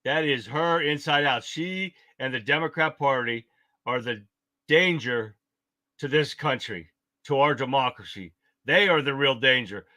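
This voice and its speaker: Fired-up, forceful man hosting a livestream. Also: medium pitch, a little slow, no room sound. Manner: fired-up, swearing, rambling. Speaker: livestream host. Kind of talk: casual political commentary livestream.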